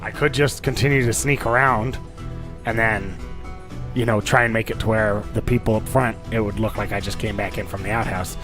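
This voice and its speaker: A man's voice: fairly low pitch, steady tone, a little fast, music in the background. Man thinking aloud over his moves. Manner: thinking aloud, weighing options. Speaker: player. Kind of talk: casual tabletop play.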